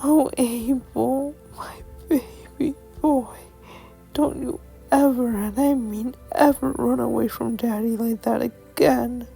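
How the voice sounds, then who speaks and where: A woman's voice: a little high, steady tone, slow, vocal fry, dark tone, soft background music, pitched above the performer's own voice. A woman doing a frantic, doting winged father. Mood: tender. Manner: pleading, cooing.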